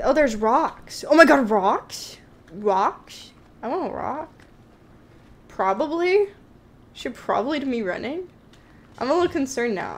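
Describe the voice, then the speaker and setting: A woman streaming a horror game, chatting with her viewers in a jokey, jittery way while she admits she is scared. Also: a little high. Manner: chatty, talks to chat, nervously jokey. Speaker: gaming streamer. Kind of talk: live-streamed game commentary.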